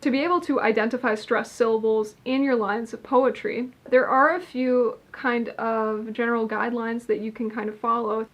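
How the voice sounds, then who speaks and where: Woman explaining poetry rules, slightly high. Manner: methodical, explains step by step with fillers. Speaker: poetry writing teacher. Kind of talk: instructional video explanation.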